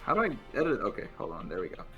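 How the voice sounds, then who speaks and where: Let's-play co-host reading the game aloud, man, steady, dry, game music clear behind. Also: fairly low pitch, rapid-fire, dull audio. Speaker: streamer.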